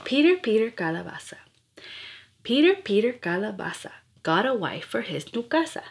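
A woman's voice: a little high, very animated, normal speed, gravelly, husky. A woman reading nursery rhymes aloud in a playful, rhythmic, sing-song way. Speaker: storyteller.

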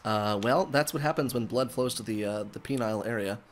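A young man streaming a game live with friends, excitable and profane, yelping and laughing as he plays and thanks viewers. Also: mid-range voice, fairly quick. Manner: excitable, swears a lot, yelps and laughs. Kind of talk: casual gaming livestream chat.

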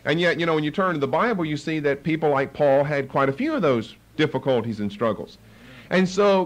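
Emphatic preacher man with a lively voice. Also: on the high side, a little fast. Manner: emphatic, repeats key phrases for stress. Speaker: pastor. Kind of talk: sermon-style Bible study.

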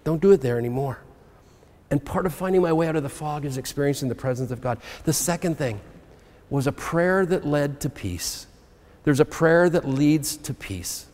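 Speaking at a moderate pace, a man with a slightly high, expressive, darkish voice preaches as pastor in a church sanctuary. The recording has long hall reverb, and he reads scripture and shares his own story earnestly.

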